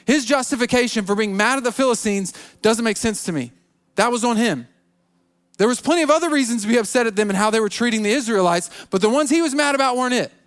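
A man preaches in a high, raised voice. He stumbles and repeats words as he goes, and he slips into the voices of people making excuses. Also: fast talker, fairly bright tone, clean tone. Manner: repetitive, stammering restarts, acts out quoted excuses. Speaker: pastor. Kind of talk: sermon.

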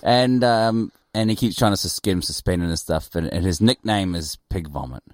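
A man's voice: low voice, normal speed, a little mellow, no echo, studio quality. A man co-hosting a casual radio show, rambling and teasing, often stumbling over his words. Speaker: co-host. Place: radio studio.

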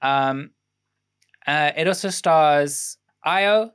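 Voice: medium pitch, a little slow, fairly bright tone. This is a young adult co-host of a casual film review podcast, sharing production trivia in a loose, rambling way. The delivery is full of ums, self-corrections and restarts, as if piecing facts together while talking.

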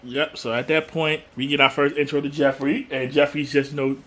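A man casually recapping a sitcom episode as co-host, animated and acting out quotes in his storytelling. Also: a little high, a little fast. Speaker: podcast co-host.

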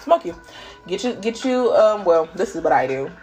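A woman giving a casual spiritual reading, playful and laughing, dropping to whispers and jumping to loud bursts. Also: lowish voice, sing-song, moderate pace, soft background music. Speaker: spiritual reader channeling messages. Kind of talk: casual intuitive reading monologue.

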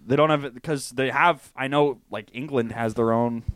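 A young man from Canada co-hosting a comedy podcast, rambling through questions in casual chat and quick to get exasperated. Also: mid-range voice, fairly bright tone, no echo, clean studio sound. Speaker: podcast co-host.

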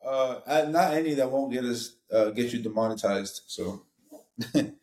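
A man's voice: medium pitch, moderate pace, darkish tone, roomy sound, poor audio. A man chatting casually as a podcast guest, laid-back and slangy, laughing often. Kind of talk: casual chat.

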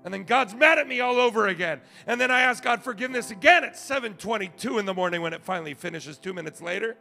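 A male pastor preaching a sermon, telling stories with big swings from shouting to hushed asides. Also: extremely high pitch, fast, creaky, soft background music. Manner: animated storytelling, swings from shouting to quiet.

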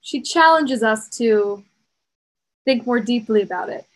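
A young woman with a slightly high voice co-hosts a podcast. She talks in a loose, chatty way, full of "um" and "like". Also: a little slow, poor audio. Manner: chatty, uses fillers and "like". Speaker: podcast co-host. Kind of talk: casual chat.

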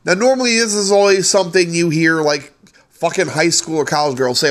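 A man hosts his own podcast and rants about everyday annoyances, swearing freely and sounding exasperated. His voice sits a little higher than most men's. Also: brisk, fairly bright tone. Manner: profane, exasperated ranting. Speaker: podcast host. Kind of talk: solo ranting podcast.

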